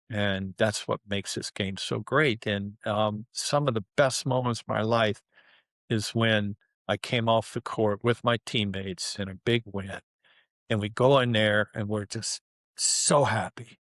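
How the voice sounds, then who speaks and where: Older male interview guest, animated storyteller, medium pitch, dry close mic. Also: dry recording. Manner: animated storyteller, heavy use of "you know" and "man". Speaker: guest, former pro basketball player.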